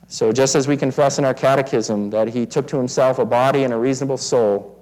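A man's voice: medium pitch, dark tone, low-quality recording. A man preaching an expository sermon in an earnest way, often repeating words as he restarts phrases. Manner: earnest, frequent word repetitions and restarts. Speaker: pastor.

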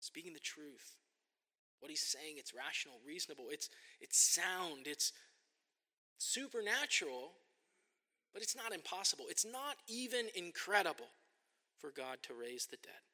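A man's voice: fairly high pitch, sing-song, unhurried, pushed and bright. A man preaching a sermon as a pastor, earnest and emphatic, often asking rhetorical questions, in a church sanctuary. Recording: long reverb of a large hall.

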